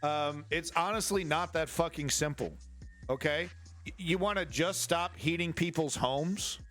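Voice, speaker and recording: Brief: a combative male commentary host, sarcastic and foul-mouthed, with a sharp, slightly high voice. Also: unhurried, soft background music. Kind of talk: ranting online commentary.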